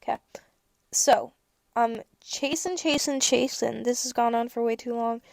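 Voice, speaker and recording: A young woman hosts a casual podcast, telling stories with sarcastic rants and quick acted-out dialogue. Her voice sits high with plenty of gravelly fry. The sound is dry and close, with no room around it. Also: no echo. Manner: animated storytelling, sarcastic rants, acts out dialogue. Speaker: podcast host. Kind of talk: casual chat.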